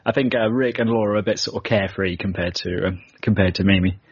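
A man's voice: deep voice, fast, slightly rough, no room sound. A man with a British accent hosting a podcast, chatting casually and joking with a guest. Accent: British English. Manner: chatty and jokey, laughs often. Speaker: podcast host. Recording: dull lo-fi podcast audio.

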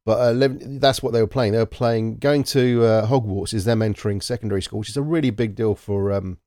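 A man chatting casually as a podcast co-host, animated and joking, with frequent restarts. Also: on the low side, fairly quick, no room sound, clean studio sound. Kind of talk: casual chat.

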